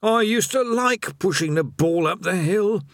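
A haggard chained prisoner, worn out and complaining, drawing out his words in a high, slightly distant voice, as a man acts him out. Dry, close reading. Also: animated, measured pace, dry recording. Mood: weary complaining. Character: weary chained man condemned to push a rock.

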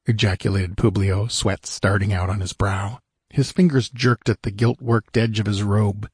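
A man tells the story in a measured, descriptive way, his low voice carrying a husky grain. The recording is close and completely dry, with no room sound at all. It suits a steady audiobook read. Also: dry recording. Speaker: audiobook narrator. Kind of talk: scripted narration.

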